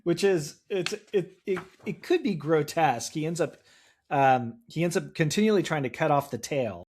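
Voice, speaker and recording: A man's voice: on the high side, animated, moderate pace, darkish tone, breathy edge. A man co-hosting a casual chat about comics, thoughtful and hesitant. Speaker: podcast co-host.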